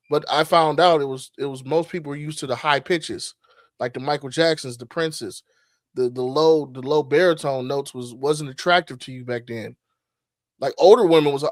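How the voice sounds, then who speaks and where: A man's voice: on the high side, fairly quick, no room sound, studio quality. A middle-aged man co-hosting a podcast, talking casually and animatedly, swearing freely and restarting his sentences. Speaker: podcast co-host.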